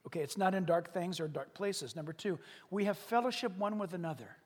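Animated high-voiced preacher man. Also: a little fast, long reverb tail. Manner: animated, dramatic, drops to whispers, acts out scenes. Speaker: pastor. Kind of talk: sermon. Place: church service.

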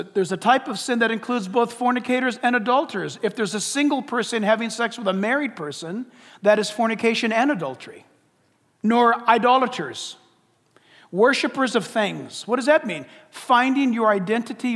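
A pastor preaching in a church sanctuary speaks at a moderate pace, his high voice expressive and a bit bright. Emphatic rhetorical questions fill the sermon, echoing with long church hall reverb.

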